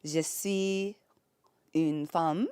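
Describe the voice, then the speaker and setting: A woman's voice: sits low, fairly even intonation, drawn-out words, mellow, clean tone, dry recording, clean studio sound. A young American woman streaming from bed, chatting casually with viewers, reading chat aloud and laughing often. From United States. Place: home, in bed.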